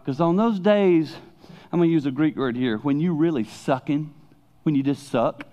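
A man's voice: fairly high pitch, moderate pace. Older male preacher, dull lo-fi sound. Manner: animated preaching, swinging between loud emphasis and hushed asides. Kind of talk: sermon. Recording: dull lo-fi recording.

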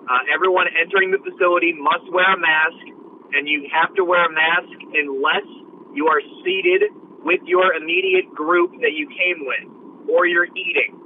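A man's voice: on the high side, normal speed, narrow, tinny audio, a little hiss or hum. A man calling in from a moving car by phone, upbeat and promotional with many fillers. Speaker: guest, minor league ballpark executive. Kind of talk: phone interview. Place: car on a mountain road.

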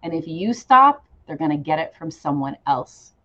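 A woman's voice: low-pitched, very animated, moderate pace, slight background noise. A woman in her forties hosting a casual interview and encouraging her guest. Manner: encouraging, warm affirmations. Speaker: host. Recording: slightly dull, lo-fi audio.

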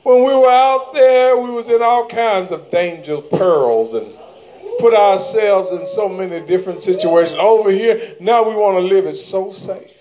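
A man preaching a sermon to his church, calling for amens and breaking into shouted bursts. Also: high-pitched, moderate pace, muffled recording.

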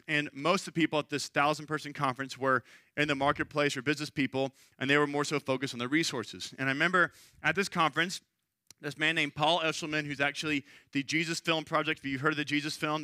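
A man's voice: a little high, bright, forceful tone, dry recording. A middle-aged man preaching a sermon, talking in a conversational storytelling way and checking in with "right?". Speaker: pastor.

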